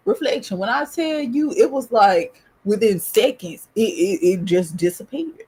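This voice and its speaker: A woman from the US South with a Southern accent, hosting a podcast and telling a personal story in a casual, animated, profane way. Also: measured pace, few pauses, husky. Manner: animated, profane, rising pitch in excitement. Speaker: podcast host.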